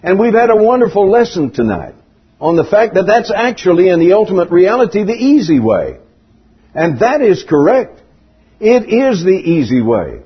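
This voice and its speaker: A man's voice: very animated, normal speed, husky, highs cut off. An older man, preaching a sermon in a folksy storytelling way. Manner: folksy storytelling preaching with big pitch swings.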